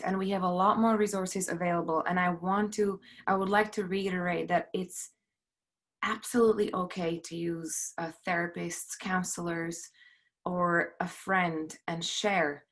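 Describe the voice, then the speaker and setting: Earnest woman near tears, halting. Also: on the low side, steady tone, fairly bright tone. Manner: earnest, halting, with many fillers and restarts. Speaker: panelist, film producer. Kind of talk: personal testimony on a panel. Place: at home.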